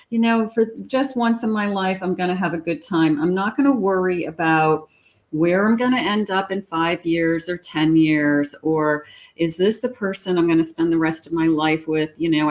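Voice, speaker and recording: A woman reading tarot cards aloud in a chatty, reassuring way, thinking out loud as she goes. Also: fairly low pitch. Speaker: psychic tarot reader.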